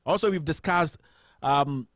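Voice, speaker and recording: A man with a Ghanaian accent hosts a live call-in commentary show, sarcastic and animated, and reads viewers' comments aloud. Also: fairly high pitch, a little slow, dry recording, studio quality. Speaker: host.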